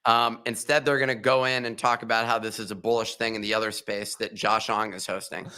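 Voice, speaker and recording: A man co-hosting a casual crypto chat on a live audio space, joking and self-mocking with animated outbursts. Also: lowish voice, brisk, clear, resonant tone. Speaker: co-host.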